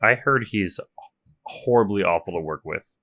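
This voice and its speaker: A man's voice: on the low side, normal speed, bright, forceful tone. A young man co-hosting a podcast in casual chat, talkative, often trailing off and restarting his sentences. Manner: chatty, trails off and restarts, self-described gamer. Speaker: podcast co-host.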